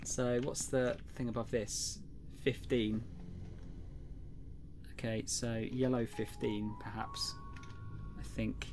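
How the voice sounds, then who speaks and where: A young man streams a game live, chatting casually and greeting viewers, then dropping to a quiet mutter to himself as he works through puzzles. His medium-pitched voice has little pitch movement, and he takes it slowly with long pauses, with background noise audible.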